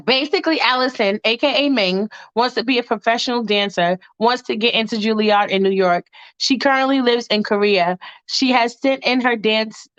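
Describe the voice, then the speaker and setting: A high-voiced woman tells a story off the cuff, rambling and slangy with plenty of swearing. She talks straight to her listeners like friends. The recording sounds dull and lo-fi. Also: fairly bright tone, clean tone. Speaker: storyteller, podcast host. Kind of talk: casual improvised storytelling.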